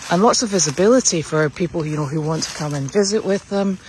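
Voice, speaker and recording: A woman's voice: lowish voice, animated, brisk, few pauses, a little hiss or hum. Chatty woman touring her farm outdoors. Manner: chatty and upbeat, cooing at her puppy. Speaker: animal sanctuary keeper. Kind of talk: casual walk-around vlog. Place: outdoors on a farm, walking the paddocks.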